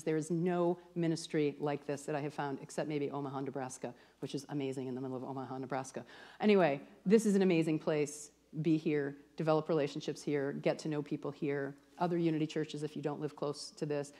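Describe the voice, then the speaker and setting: A woman spiritual teacher leading a church workshop with a live audience. She talks in a lively, chatty way, full of "like" and the odd swear. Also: sits low.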